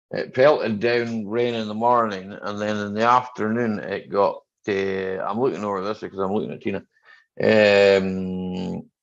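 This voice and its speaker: A middle-aged mechanic hosts a rambling, joking livestream chat, greeting viewers by name. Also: male voice, fairly low pitch, gravelly. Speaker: mechanic hosting a live chat stream. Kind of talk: casual livestream chat reading viewer comments. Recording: dull lo-fi stream audio.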